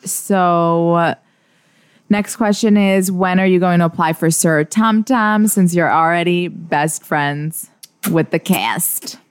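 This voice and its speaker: A woman's voice: on the low side, slow, clean tone, no room sound. A woman co-hosting a podcast who reads out listener questions and teases her co-host. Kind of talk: casual podcast chat.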